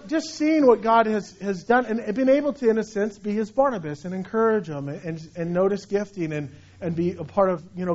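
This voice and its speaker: Man, high voice, middle-aged pastor, chatty sermon, dull lo-fi recording. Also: fairly quick, few pauses. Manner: conversational, animated storytelling with restarts. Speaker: senior pastor. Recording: dull lo-fi sound.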